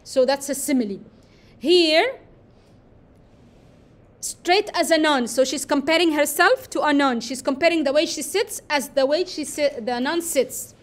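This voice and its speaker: This woman's voice is high as she breaks down a poem for her class, stepping through the explanation. She tends to repeat important phrases and stall on fillers.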